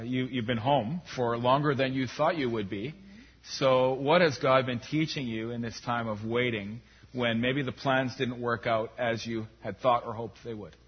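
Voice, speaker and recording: A man's voice: mid-range voice, slightly rough. A man hosting an interview at a church service, casual and joking, with lots of fillers. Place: church in metro Vancouver. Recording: dull lo-fi sound.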